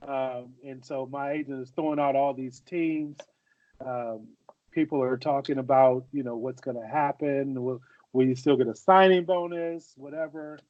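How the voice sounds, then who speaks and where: A man's voice: mid-range voice, steady tone, normal speed, dry recording. A man in his forties telling stories in casual podcast chat, often repeating and restarting phrases. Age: 40s. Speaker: podcast co-host, former football player. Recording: dull, dry lo-fi audio.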